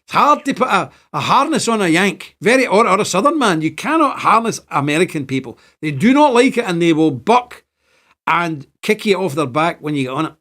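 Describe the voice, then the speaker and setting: An older man with a Northern Irish accent hosts a rambling livestream commentary. His voice sits high and swings widely in pitch, and he laughs between his points. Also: sing-song, brisk, a bit bright. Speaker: show host. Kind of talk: livestream commentary reading chat.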